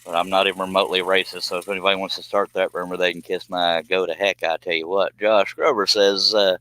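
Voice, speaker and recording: A man hosting a casual live stream, his voice a little low in pitch yet bright and forceful. He rambles and jokes, reading viewer comments aloud and riffing on each one. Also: flat delivery, fairly quick, few pauses, dry recording. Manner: rambling, joking, reads chat comments aloud.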